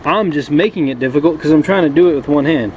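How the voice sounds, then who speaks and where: A chatty man talks through a repair job in a casual, joking way, his voice sitting a little high. He is filmed on a camera held in one hand in a garage, with a clear hum of machinery behind him. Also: fast, a little mellow, low-quality recording. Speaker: motorcycle vlogger. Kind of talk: casual how-to commentary.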